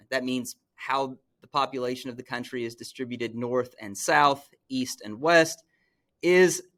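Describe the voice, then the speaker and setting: Middle-aged male teacher from Missouri, mid-range voice, relaxed classroom lecture with "right?" check-ins. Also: mid-range voice.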